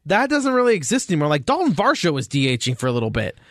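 A man co-hosts a casual sports podcast, his slightly high voice coming out rapid-fire in a dry, studio-quality recording. He tells stories energetically and acts out quotes.

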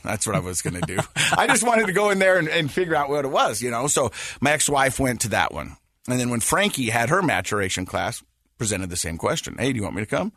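A man in his forties hosting a casual podcast chat, telling stories with a lively, laughing manner. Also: mid-range voice, a little fast, no echo, clean studio sound. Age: 40s. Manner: animated storytelling, laughs often. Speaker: podcast host.

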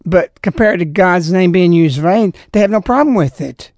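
A man's voice: sits high, animated, moderate pace, darkish tone, no echo, clean studio sound. A man appearing as a guest on a talk radio show, speaking indignantly and moralizing in long, rambling turns. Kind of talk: opinionated talk radio conversation.

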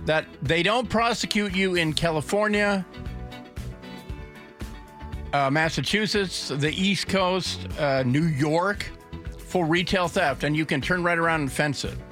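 A man's voice: on the high side, bright, forceful tone. Rambling sardonic male talk radio host. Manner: rambling, off-the-cuff, sardonic asides. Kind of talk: casual talk radio monologue. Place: radio studio.

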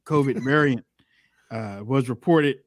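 A man's voice: mid-range voice, moderate pace, dry recording, studio quality. A man co-hosting a political talk show, arguing emphatically and repeating his points. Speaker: co-host.

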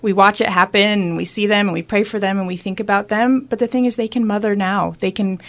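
A woman's voice: mid-range voice, fairly even intonation, brisk. A woman who is a guest on a radio talk discussion, speaking sincerely and encouragingly.

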